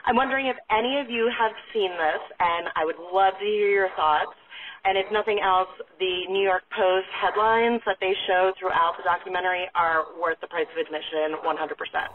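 A woman's voice: fairly low pitch, fairly even intonation, normal speed. A woman listener sending in a voice memo, speaking enthusiastically. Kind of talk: recorded voice memo. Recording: tinny phone-like voice memo.

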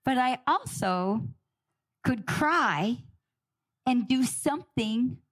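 A middle-aged woman telling a personal story with dramatic pauses and emotion. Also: a little high, expressive, a bit bright. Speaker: guest speaker.

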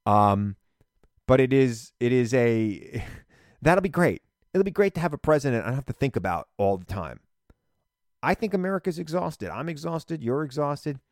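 A middle-aged man giving an animated, emphatic political monologue as a radio and TV commentator. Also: medium pitch, moderate pace, no echo, studio quality.

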